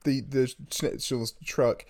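A man co-hosting a casual chat about a film, explaining plot points in a steady, teasing way. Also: medium pitch, slow pace. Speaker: podcast co-host.

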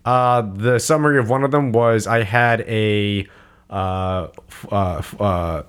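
A man's voice: fairly low pitch, measured pace, clean tone. A young man co-hosting a casual podcast, telling rambling stories and acting out the voices of people in them. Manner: rambling storyteller who acts out quoted voices. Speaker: podcast co-host.

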